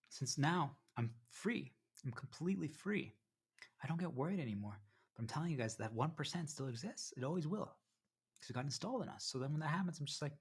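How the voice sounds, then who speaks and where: An animated man with a fairly high, slightly rough voice talks fast while livestreaming from home. He rambles to his chat, interrupting himself, repeatedly saying "you guys," and sometimes eating mid-sentence.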